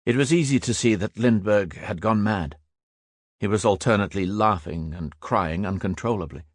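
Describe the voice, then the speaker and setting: Deep-ish guy reading an audiobook, dead dry sound, no room at all. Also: normal speed, no echo. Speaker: audiobook narrator. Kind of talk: scripted narration.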